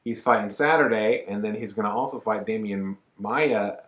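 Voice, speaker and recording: A man co-hosting a casual reaction chat, joking and rambling in an animated way. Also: on the low side, moderate pace, echoey room. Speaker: co-host.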